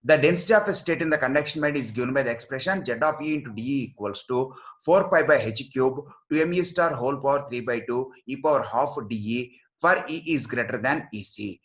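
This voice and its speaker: A man's voice: medium pitch, fairly quick, fairly bright tone. A man giving a recorded physics lecture, explaining step by step and reading out formulas.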